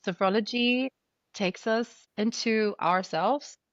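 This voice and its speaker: A woman's voice: medium pitch, takes it slowly, no echo, muffled recording. A woman guest in a podcast interview, speaking thoughtfully and often searching for her words. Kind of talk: conversational interview.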